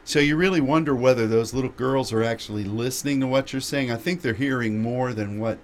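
A man hosting a radio show, telling a lively travel anecdote with laughter. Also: mid-range voice, a little fast. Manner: animated anecdote with frequent laughter. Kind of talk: storytelling chat.

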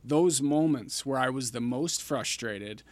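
A man's voice: mid-range voice, measured pace, a little mellow, no echo. A man hosting a talk show, speaking earnestly and thoughtfully, with many fillers. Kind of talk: reflective talk-show chat.

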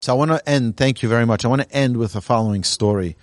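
A man's voice: mid-range voice, quick pace, dry recording, clean studio sound. A man teaching a Torah class as a rabbi, speaking earnestly and urging his listeners, with emphatic rising lines as he tells a story. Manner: earnest, exhortative, tells stories with emphatic rises. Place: Torah learning center, indoors. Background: live audience present.

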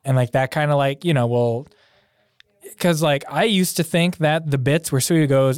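A man's voice: on the high side, normal speed, clean tone, no room sound, studio quality. A young man co-hosting a casual podcast, talking hesitantly with many fillers. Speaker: podcast co-host. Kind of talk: casual chat.

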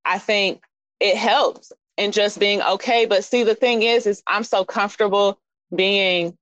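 A woman from Kansas City with a Midwestern accent, chatting as an interview guest, animated and expressive. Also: unhurried, dry recording, dull audio. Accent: Midwestern American. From Kansas City, Missouri. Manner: animated, expressive, jumps up in pitch for emphasis. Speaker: fashion designer guest. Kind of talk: casual interview chat.

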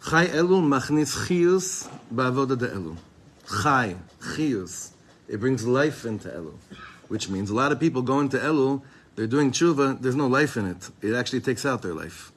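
A man's voice: mid-range voice, lively intonation, normal speed. A man giving an informal Torah class to a group, talking casually with many restarts and Hebrew terms mixed in. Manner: casual and rambling, sprinkled with Hebrew and Yiddish terms; frequent restarts and fillers, chuckles often. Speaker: Chabad teacher giving a class.

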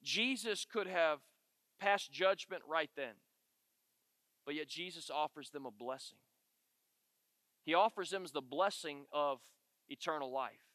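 A man's voice: fairly high pitch, measured pace, long pauses, sharp tone, dry recording, big-room sound. A man preaching a conversational sermon, telling a candid, self-deprecating story and checking in with "okay?" as he goes. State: tired. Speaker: pastor.

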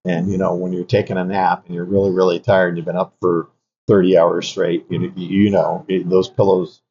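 An older man with a low, mellow, warm voice recalls his Army years in an unhurried, anecdotal way. He pauses often and restarts phrases as he talks. The audio is dull and lo-fi. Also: flat delivery, slight background noise. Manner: reflective, anecdotal, many fillers and restarts. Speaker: Army veteran guest. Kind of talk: conversational interview storytelling.

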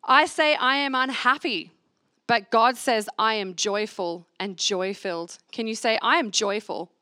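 Speaking at a measured pace, a woman with a slightly high voice and sharp tone guides a church gathering through scripture, asking everyone to repeat affirmations after her. Her manner is earnest throughout this call-and-response sermon. The sound is clean studio audio without echo.

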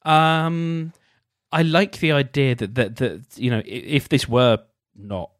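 A man hosting a casual solo podcast, reading passages aloud and commenting on them in a wry, self-deprecating way, often halting and restarting. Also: mid-range voice, fairly even intonation, no room sound, studio quality. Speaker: podcast host.

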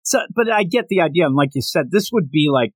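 Brief: a jokey, animated male podcast co-host with a lively voice who often restarts his sentences, recorded dry. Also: fairly high pitch, quick pace, dry recording. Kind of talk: casual chat.

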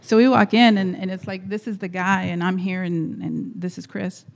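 A woman's voice: mid-range voice, fairly even intonation, normal speed, creaky. A woman telling a personal story at church, chatty and rambling with frequent laughs. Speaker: guest speaker at church. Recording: echoey hall.

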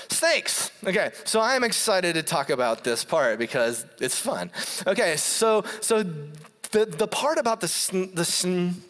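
A preacher giving a sermon to a congregation, reading scripture and then retelling it in a playful, animated way. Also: mid-range voice, a little slow. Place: church hall before a congregation. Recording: long hall reverb.

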